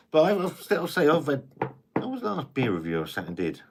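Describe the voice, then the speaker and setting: A man's voice: fairly high pitch, wildly swooping pitch, brisk, a little hiss or hum. A man hosting a casual live stream, chatting, reading viewer comments, and rambling with frequent restarts and the odd swear word.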